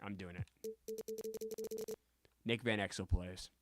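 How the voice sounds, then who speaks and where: A man streaming a basketball video game, chatting and bursting into loud yelled celebrations, sometimes out of breath. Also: deep voice, fairly even intonation, takes it slowly, no room sound, faint music behind. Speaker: gaming streamer. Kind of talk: excitable gameplay commentary.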